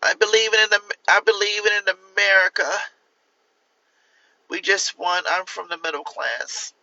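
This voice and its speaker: A man's voice: sits high, a little slow, bright, forceful tone, dry recording, highs cut off, voice pushed up, exaggerated voice. A man doing a comic impression of a middle-aged woman politician, delivering an earnest, rambling stump speech.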